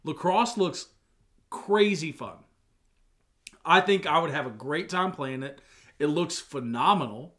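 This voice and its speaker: A man co-hosting a casual podcast, arguing his picks in an animated way and sometimes breaking into loud protests. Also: fairly high pitch, a little slow, long pauses. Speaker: podcast co-host. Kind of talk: casual chat.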